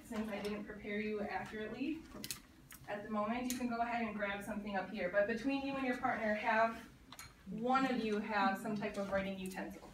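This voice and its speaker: A woman teaching a high school Spanish class, saying phrases for the students to repeat and then translating them. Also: fairly even intonation, fairly quick, slight background noise. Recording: echoey classroom from far off.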